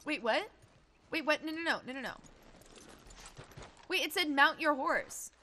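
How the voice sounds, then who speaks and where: Woman streamer, high bright voice, excitable and self-mocking. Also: a little slow, a little hiss or hum. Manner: excitable, panicky exclamations. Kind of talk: live gameplay reaction.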